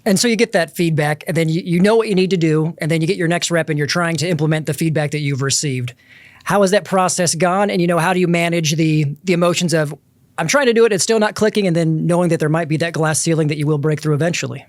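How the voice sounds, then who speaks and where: A man asking interview questions in a rapid, scripted-sounding way. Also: on the high side, dry recording.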